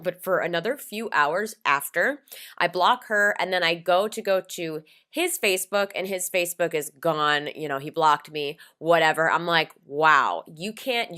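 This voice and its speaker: A woman's voice: lowish voice, clear, resonant tone. A young woman vlogger telling a storytime casually, swearing freely and acting out what people said. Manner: animated, swears freely, acts out quoted lines.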